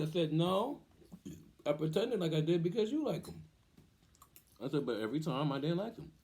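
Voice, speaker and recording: A middle-aged man and father telling family stories in a casual, animated way, acting out the voices he quotes and laughing often. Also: on the high side. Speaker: vlogger, father. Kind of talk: casual storytelling.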